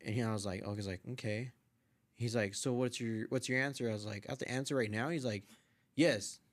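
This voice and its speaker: A young man, a podcast guest, casually telling a story with lively quoted voices and frequent swearing. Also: medium pitch, a little fast. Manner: animated retelling, acts out quoted voices, swears freely. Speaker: podcast guest, artist and photographer.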